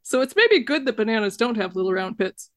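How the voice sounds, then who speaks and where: A woman's voice: on the high side, dry recording, clean studio sound. Playful woman joking in casual chat. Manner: quick, playful, deadpan jokes. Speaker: podcast co-host.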